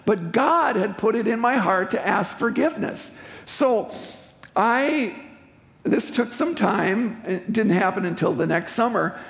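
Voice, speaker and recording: An older speaker from eastern Wisconsin giving a personal testimony sermon in a church sanctuary, telling the story in a heartfelt, unhurried way with emotional swells. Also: medium pitch, expressive, gravelly, a bit bright. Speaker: guest speaker at a church service. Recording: echoey hall with faint music.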